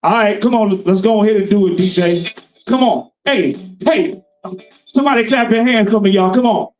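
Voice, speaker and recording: A man's voice: sits high, normal speed, soft background music, poor audio. A man performing live on stage as a soul singer, hyping the crowd with call-outs before singing. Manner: energetic crowd hype with frequent "hey" and "y'all". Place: live event hall.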